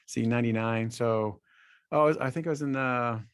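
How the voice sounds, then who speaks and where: A man in his forties co-hosting a podcast in casual chat, halting and often repeating his words. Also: mid-range voice, clean tone, dry recording. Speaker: podcast co-host.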